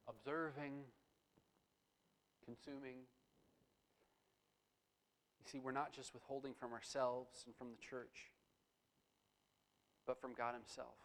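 A middle-aged male pastor preaching a sermon in a relaxed, storytelling way. His voice sits a little higher than most men's. Now and then it swells into emphatic bursts. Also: rough recording.

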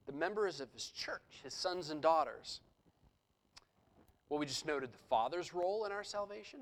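A man's voice: sits high, a bit bright, poor audio. A man preaching a sermon, explaining a scripture passage verse by verse and reading passages aloud with rising intensity. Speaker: pastor.

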